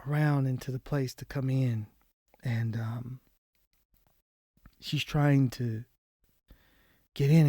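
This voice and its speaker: A man appears as a podcast guest, telling a painful personal story. He halts and repeats words, and his voice often drops low and soft. The recording is studio quality with no room sound.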